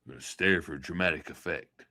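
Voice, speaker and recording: Rambling folksy man with a bright voice. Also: rumbling low, a little fast. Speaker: livestream host. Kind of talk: casual livestream sign-off chat.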